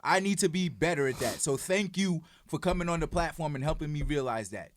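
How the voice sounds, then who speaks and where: A young man hosts a casual podcast, teasing and joking in slangy talk. His voice sits a little high for a man. The recording is dry and close. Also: expressive, fairly quick, dry recording. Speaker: podcast host.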